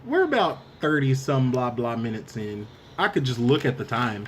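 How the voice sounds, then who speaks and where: A man's voice: medium pitch, sing-song, moderate pace. A man hosting a casual late-night podcast with friends, joking and laid-back as he wraps up the show. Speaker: podcast host. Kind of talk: casual chat. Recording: faint background noise.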